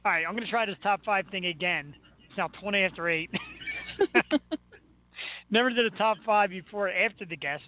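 A man's voice: high-pitched, moderate pace, long pauses. Man, talk show host, casual sports banter, tinny phone-like audio. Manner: chatty, enthusiastic fan banter. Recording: tinny phone-like sound with faint noise.

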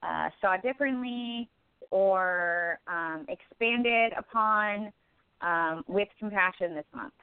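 A woman hosting a reflective spiritual talk show, thoughtful and pausing often. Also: mid-range voice, smooth, dry recording. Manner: thoughtful, many filler pauses. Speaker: podcast host. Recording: tinny phone-line sound.

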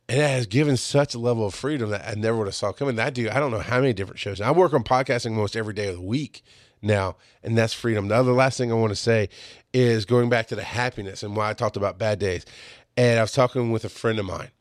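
A man's voice: no echo, clean studio sound. Blunt, rambling male podcast host. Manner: rambling, blunt, high-energy storytelling. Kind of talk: casual monologue.

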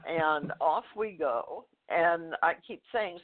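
Slow-talking older woman on a phone line. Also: fairly low pitch. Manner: halting, with many fillers, restarts and soft laughs. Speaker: guest author. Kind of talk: personal storytelling in a phone interview.

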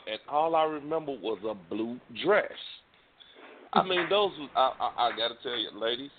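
A man's voice: a little high, slight background noise. A man telling a rowdy story in casual podcast chat, acting out what people said. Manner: animated storyteller, acts out dialogue. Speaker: co-host. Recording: tinny phone-like line.

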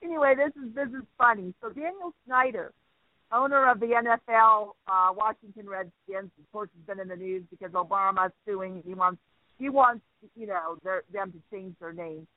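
A man hosting a talk radio show, telling a story with lively acted-out quotes. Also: sits high, normal speed, dry recording. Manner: animated storyteller acting out quotes. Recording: dry tinny phone-like line.

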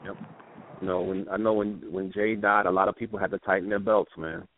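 A middle-aged man calling in to a radio show, telling memories in a relaxed, "you know"-filled way. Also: deep voice, brisk, slight background noise. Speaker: caller. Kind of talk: casual phone-in remembrance. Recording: tinny dry phone line.

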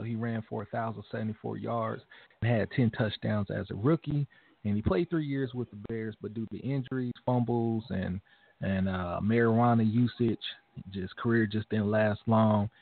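A man co-hosting a casual sports talk show, animated and emphatic, often repeating phrases as he talks straight to fans. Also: on the low side, gravelly. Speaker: podcast co-host. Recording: phone-like narrow sound.

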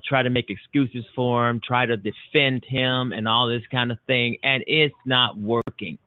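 A man hosts a political talk radio show, hammering his points home with emphatic, repeated declarations. His voice sits at a middling pitch and comes through a narrow, tinny phone-like line. The sound is dry, with no room around it. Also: no room sound. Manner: emphatic, repetitive, punchy declarations. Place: Chicago-based internet radio show.

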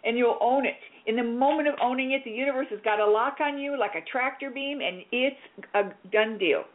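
A woman hosting a radio show, coaching a caller with lively, directive talk and acting out little scenes. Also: on the high side, a little fast, phone-quality sound. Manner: directive and animated, plays out scenes. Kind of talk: on-air coaching chat.

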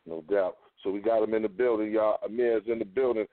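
A man's voice: fairly low pitch, fairly even intonation, fairly quick, no echo. A man hosting a hip hop radio interview, talking with hyped, slangy patter. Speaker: radio host. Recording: dry, phone-like lo-fi.

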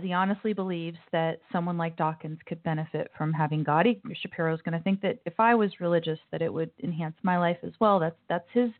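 A woman hosting a call-in talk show, chatting in a loose, opinionated way with asides. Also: fairly low pitch. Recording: tinny phone-like sound.

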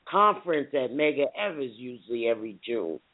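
A woman's voice: very deep voice, lively intonation, fairly quick, dry recording. Woman host on a phone line. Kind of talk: radio interview chat.

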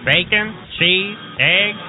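A brash, crude cartoon dad. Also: male voice, high-pitched, slow, soft background music. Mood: teasing. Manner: crude, taunting soundboard lines. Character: brash cartoon family man, crude and boisterous. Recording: tinny phone line with crowd.

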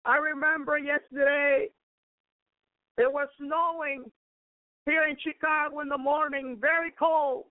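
A woman gives a fervent sermon-style testimony at a slow, unhurried pace. Her voice sits high but stays fairly flat in melody. The sound is narrow and tinny like a phone line. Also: no room sound. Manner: fervent, peppered with praise exclamations. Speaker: preacher. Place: home in Chicago.

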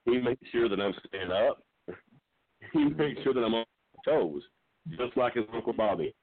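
A middle-aged man calling in to a talk show, telling meandering jokes with halting restarts. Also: medium pitch, lively intonation, dry recording. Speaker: regular caller. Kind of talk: rambling comedic call-in chat. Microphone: phone. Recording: dry tinny phone line.

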